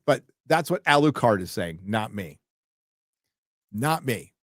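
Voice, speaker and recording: A man's voice: lowish voice, big pitch swings, takes it slowly, no echo, studio quality. A man hosting a casual live stream, reading viewer comments and ranting with lots of swearing and sarcastic asides.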